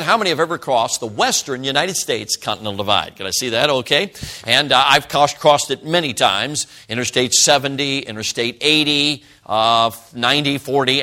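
Bright-voiced folksy evangelist preacher. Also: male voice, mid-range voice. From Chicago. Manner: folksy, chatty, jokes with the congregation. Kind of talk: sermon. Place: church service.

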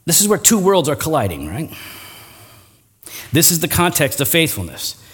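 Pastor guy preaching, lively up and down voice, jokes on himself, big hall echo. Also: on the high side, normal speed, breathy edge. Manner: animated, self-deprecating, acts out voices mid-sentence. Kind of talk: sermon.

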